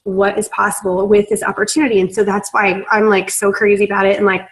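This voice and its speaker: Talking fast with a flat delivery and a medium-pitched voice, a young woman leads a sales team on a video call. She gushes emotionally, fills her speech with fillers, and is close to tears, all on a rough recording.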